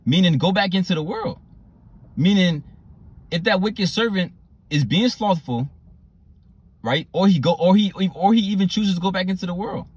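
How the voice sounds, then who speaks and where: Husky guy preaching, keeps saying right? and you know, drags out the scripture bits. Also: sits high, animated, dry recording. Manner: repetitive, calls out "right?" and "you know" often; slow drawn-out scripture reading. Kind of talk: sermon.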